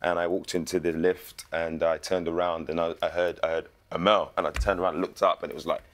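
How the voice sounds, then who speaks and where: Deep-voiced man telling stories. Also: a little fast. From England. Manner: animated storytelling with slang. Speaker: actor guest. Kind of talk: casual interview chat.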